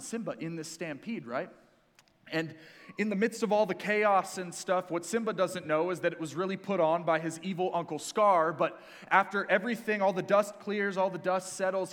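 A young man preaches to his congregation with an energetic, playful delivery and quick jokes. His voice sits a little high for a man. The sound carries a long reverb from the church hall. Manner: energetic, joking asides to the congregation. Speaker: pastor. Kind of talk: sermon.

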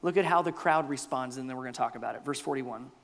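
A man preaching a sermon as pastor, animated, acting out the crowd and Jesus in quoted voices. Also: medium pitch, fast. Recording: long hall reverb.

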